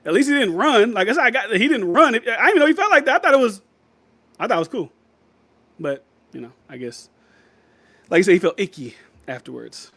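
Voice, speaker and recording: A man's voice: high-pitched, sing-song, brisk, pauses often, bright, forceful tone, breathy edge, no echo. A man hosting a casual livestream, rambling loosely, laughing often and reading viewer comments aloud. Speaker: livestream host reading chat.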